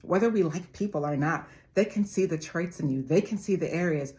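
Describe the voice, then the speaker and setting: A woman's voice: on the low side, fairly quick, warm tone. A woman in her forties giving a motivational monologue, emphatic and repetitive, calling her listeners family. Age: 40s. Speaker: motivational speaker.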